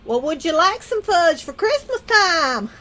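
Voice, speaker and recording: Slow, high-voiced woman chatting. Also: big pitch swings, bright, forceful tone. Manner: rambling, folksy, laughs often. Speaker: livestream host. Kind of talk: casual livestream chat.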